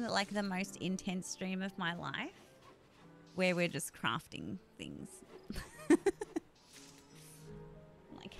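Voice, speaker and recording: Sweary woman live-streaming a game. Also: medium pitch. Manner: swears freely, grumbling frustration. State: voice sore. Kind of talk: casual live-stream chat while gaming.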